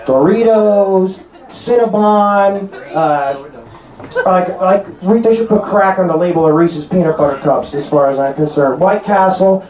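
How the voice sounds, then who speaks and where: Stand-up comic, male, 30s, North Jersey accent, pitched high, brash and crude, in a roomy club. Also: a little mellow. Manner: brash, crude punchlines with quick asides. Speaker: stand-up comedian. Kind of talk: stand-up comedy set. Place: comedy club stage. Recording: roomy club with laughing crowd. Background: audience laughter.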